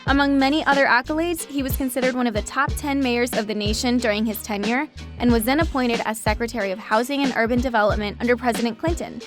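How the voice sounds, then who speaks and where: A young adult woman hosting a podcast. She introduces a guest and then explains the show in a measured, hesitant way. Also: on the high side, fairly even intonation, music in the background. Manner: measured, hesitant, with fillers and restarts. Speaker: podcast host.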